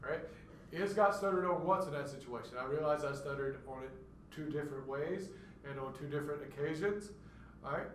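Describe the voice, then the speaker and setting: Lecturing a class, this man walks through the material step by step and mimics stuttered words to demonstrate. He speaks a little high and a little fast. The recording is echoey and distant-miked, with a little hiss or hum.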